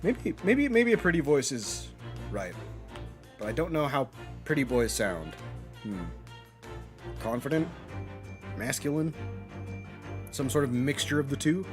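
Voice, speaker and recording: A man's voice: medium pitch, very animated, moderate pace, music in the background. A man streaming a game, musing aloud and questioning himself in casual commentary.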